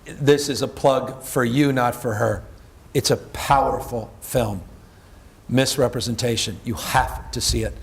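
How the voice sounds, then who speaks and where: A middle-aged man on stage, a political candidate talking in a quick, joking, emphatic way. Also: medium pitch, steady tone, vocal fry. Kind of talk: casual onstage conversation.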